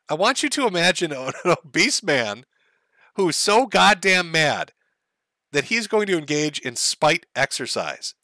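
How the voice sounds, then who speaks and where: Male streamer host, mocking and profane, bright animated voice. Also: on the high side, dry recording. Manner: sarcastic, laughing, profane. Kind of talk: mocking commentary on clips.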